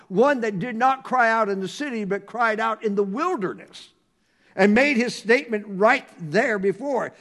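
A man preaching a sermon, reading scripture slowly and swinging from hushed tones to loud emphasis. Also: high-pitched. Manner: reads scripture in a slow, measured cadence.

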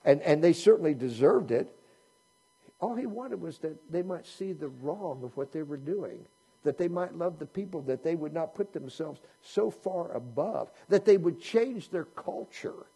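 A man delivers a sermon in a relaxed, conversational style, posing question after question to his listeners. His voice is warm and dark with a husky edge. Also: fairly high pitch, measured pace. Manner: conversational preaching with rhetorical questions. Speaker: pastor.

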